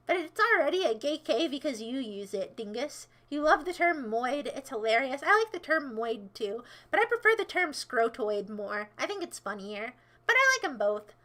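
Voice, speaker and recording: A woman's voice: high-pitched, big pitch swings, moderate pace, a bit bright. An American woman livestreaming, chatting casually and answering chat in a sarcastic, rambling, playfully scolding way.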